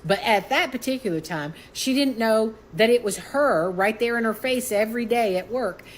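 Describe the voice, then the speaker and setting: A woman's voice: on the high side, moderate pace, slight background noise, poor audio. A woman tells a personal story in an emphatic, dramatic way, swearing bluntly. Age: 60s. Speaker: guest.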